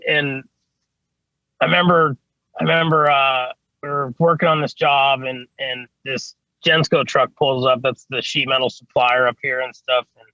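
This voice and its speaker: A podcast guest who works as an HVAC service technician talks in a fairly high, pushed, bright voice. There's no room sound, and the highs are cut off. He tells stories casually, rambling along with plenty of "you know what I mean" and offhand swearing.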